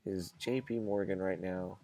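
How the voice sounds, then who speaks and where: A man's voice: low voice, steady tone, a little slow, creaky, mellow. A man hosting his own vlog, musing aloud in a casual monologue and posing rhetorical questions to his viewers. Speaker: vlog host.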